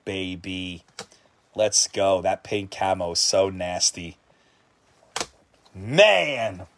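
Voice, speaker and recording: Unhurried man hosting a card-break stream. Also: medium pitch. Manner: excitable, calls out player names, shouts at big hits. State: hungry and sweaty late in a long stream. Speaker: host of a card-breaking livestream. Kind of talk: casual livestream commentary while opening card packs.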